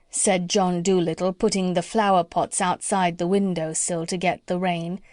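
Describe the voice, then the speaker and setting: A woman narrating a children's storybook audiobook in an expressive reading. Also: fairly low pitch, normal speed, hardly any pauses, no room sound, clean studio sound.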